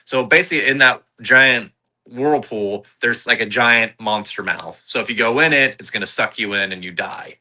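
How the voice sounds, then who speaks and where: Chatty man with a sharp, bright voice. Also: medium pitch, rough recording. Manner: enthusiastic, chatty, quick agreeing interjections. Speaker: podcast co-host. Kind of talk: casual film review chat.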